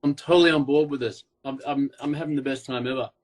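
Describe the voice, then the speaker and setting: A man's voice: mid-range voice, fairly even intonation, fast talker. A man in his forties with a New Zealand accent, hosting a casual, joking livestream chat and talking in a loose, self-deprecating way. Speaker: Instagram live host. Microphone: phone camera, live video call.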